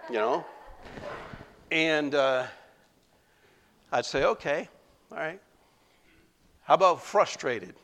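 With a high-leaning, somewhat bright voice and lively intonation, a male pastor gives an emotional, conversational sermon at a slow pace with long pauses. He laughs a lot and often drops in "you know" and similar fillers.

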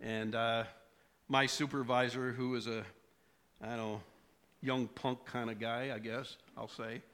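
A man's voice: medium pitch, level tone, a little slow, a bit bright. A middle-aged male preacher telling a personal story in a sermon, asking the congregation questions along the way. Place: church.

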